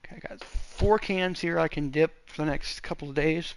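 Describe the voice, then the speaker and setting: A man's voice: fairly high pitch, normal speed, gravelly, no room sound. A man hosting a gaming channel, chatting casually and rambling, swearing and talking to himself while he hunts around his room at home.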